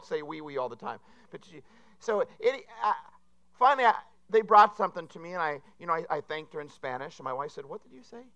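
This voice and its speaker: High bright voice, pastor guy rambling through funny stories in a sermon. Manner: rambling, self-deprecating joke-telling. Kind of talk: humorous sermon.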